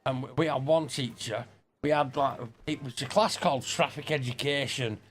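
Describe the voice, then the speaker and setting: A man's voice: medium pitch, fairly even intonation, moderate pace, slight background noise. A middle-aged man, rambling and swearing through school anecdotes while playing a game. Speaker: gaming streamer. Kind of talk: casual storytelling over gameplay.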